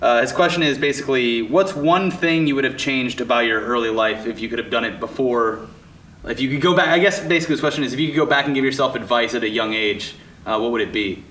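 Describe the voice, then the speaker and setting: A man hosting a casual interview, talking in a relaxed way with lots of fillers. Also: mid-range voice, quick pace. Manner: relaxed, many fillers and short agreements. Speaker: podcast host. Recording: roomy, a bit off-mic, faint noise.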